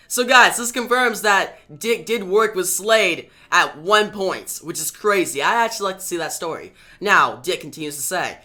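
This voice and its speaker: A man's voice: sits high, animated, moderate pace, few pauses, sharp tone. A man reviewing a comic book, retelling the story in a casual way with chatty asides.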